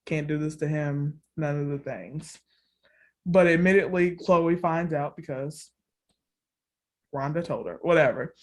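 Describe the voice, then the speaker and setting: A woman's voice: measured pace, pauses often. A woman co-hosting a podcast, casually recapping a dating show with lots of laughter and acted-out quotes. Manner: animated storytelling, acts out quotes with big pitch jumps; laughs often, fills with "like" and "all the things". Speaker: podcast co-host.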